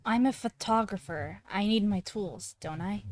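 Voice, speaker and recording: A woman reading aloud the lines of a quiet, cryptic young female photographer in a visual novel, in a dry matter-of-fact way. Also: mid-range voice, moderate pace, lightly acted.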